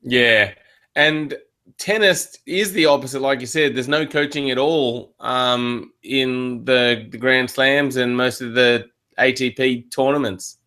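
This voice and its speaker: Relaxed Australian man hosting. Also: medium pitch, slow. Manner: relaxed, reads listener questions. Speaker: show host. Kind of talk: casual chat.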